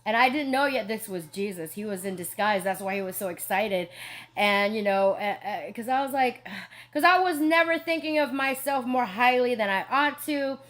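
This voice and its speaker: A woman's voice: on the high side, lively intonation, normal speed, fairly bright tone. Rambling, giggly woman on a livestream. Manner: rambling, giggly, full of "you know". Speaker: online preacher and streamer. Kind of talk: casual livestream storytelling.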